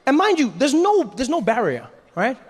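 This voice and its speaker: A man performing stand-up comedy, telling a story in an animated way with acted voices. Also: very high voice, moderate pace, husky.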